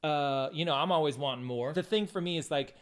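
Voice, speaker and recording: A man's voice: a little high, a little fast. A man about fifty chatting casually with his husband, making dry, teasing remarks. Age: 50s. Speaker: podcast co-host. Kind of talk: casual chat with spouse.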